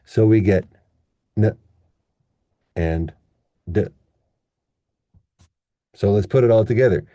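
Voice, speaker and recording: A man teaching pronunciation at a whiteboard, patient and playful, slowly drawing out example words. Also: on the low side, warm tone, no room sound, clean studio sound. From Canada.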